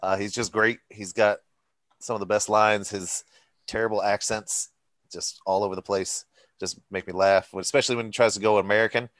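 A man's voice: fairly low pitch, flat delivery, brisk, a bit bright, dry recording. Dry-sounding, laid-back swearing man. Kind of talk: casual chat, movie review.

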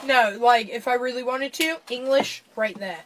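A tipsy American woman chatting casually on a podcast, animated, swearing and laughing often. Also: fairly high pitch, moderate pace, slight background noise. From United States. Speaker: podcast co-host. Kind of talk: casual chat.

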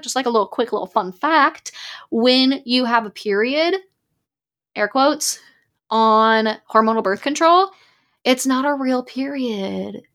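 A woman's voice: a little high, a bit bright. A woman in her twenties hosting a podcast in casual chat, frank and emphatic, full of "like" fillers and swearing when riled. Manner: many "like" fillers. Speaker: podcast host.

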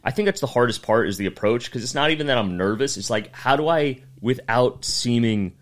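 A man's voice: mid-range voice, fairly quick. A man, a comedian guest on a podcast, chatting casually and acting out the voices of people in his stories. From Northeastern US. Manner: animated storyteller who acts out quoted voices.

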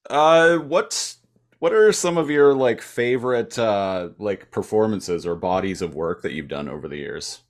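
A man's voice: lowish voice, expressive, a little slow. A man hosting a podcast interview, easygoing and laughing along with his guest. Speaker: podcast host. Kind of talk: casual interview.

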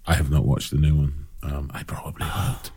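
A man with a deep, slightly husky voice bantering on a film podcast, his intonation rising and falling a lot as he throws in dry quips. The sound is dry and close. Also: level tone, normal speed, darkish tone, no echo. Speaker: podcast co-host. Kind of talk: casual film-discussion chat.

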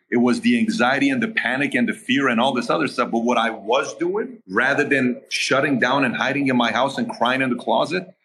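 A man telling his own story in a podcast interview, animated, acting out the quoted dialogue. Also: medium pitch, breathy edge. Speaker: podcast guest. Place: home area in Southern California.

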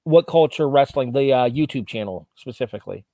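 A man's voice: mid-range voice, expressive, a little fast, dark tone, dry recording. A man co-hosting a podcast, giving a casual wrestling review in an analytical way and swearing freely. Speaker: podcast co-host.

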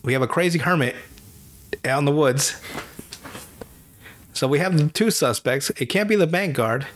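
A man with a slightly raised voice hosting a loose, casual podcast. He recounts a story with plenty of swearing and jumps into quick impressions of the people in it. His delivery is lively and chatty. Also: on the high side, a little hiss or hum. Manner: animated, profane storyteller with voices and laughs. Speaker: podcast host. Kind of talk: casual chat, retelling a cartoon plot.

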